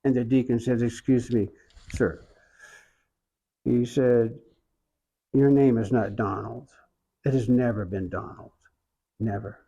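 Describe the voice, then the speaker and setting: An older American man with an Oklahoma accent and a gravelly edge to his voice. He sits for an interview and tells a long personal story in a slow, reflective way, pausing often. His pitch sits in the middle range for a man. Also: steady tone, dark tone, low-quality recording. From Oklahoma, USA. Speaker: interviewee, iconographer.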